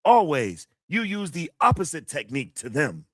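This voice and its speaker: A man putting on the voice of a stern male kung fu master giving measured, instructive advice. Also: on the high side, big pitch swings, no room sound, clean studio sound, pitched above the performer's own voice.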